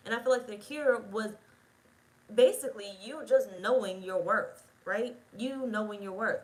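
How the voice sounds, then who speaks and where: A woman's voice: medium pitch, normal speed, rough recording. A woman giving a casual tarot reading, talking bluntly and straight to the viewer and swearing freely. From United States. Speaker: tarot reader.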